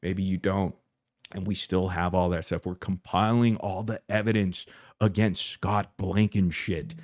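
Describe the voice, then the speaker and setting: A man hosting a commentary channel, ranting in a heated, mocking and profane way, halting with fillers and restarts. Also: deep voice, level tone, a little mellow, dry recording, studio quality. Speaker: YouTube commentary host.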